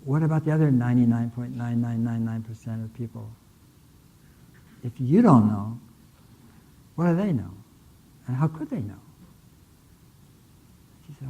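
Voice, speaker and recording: A man's voice: medium pitch, moderate pace, long pauses, a little mellow, rough recording. An older man giving a conference keynote, telling stories conversationally with many fillers and restarts. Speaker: keynote speaker. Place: lecture hall.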